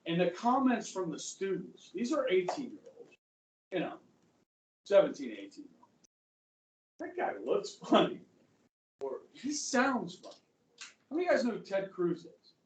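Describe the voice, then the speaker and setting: A man's voice: high voice, huge pitch swings, a little slow, pauses often. A male history teacher giving a chatty, rambling classroom lecture and often checking in with students. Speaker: high school history teacher. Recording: echoey classroom from far off.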